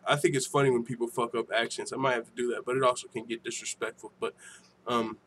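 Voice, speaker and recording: A man hosting a casual livestream, reading viewer comments aloud with profane, laughing, animated banter. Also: medium pitch, fast talker, a little hiss or hum. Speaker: MMA show host.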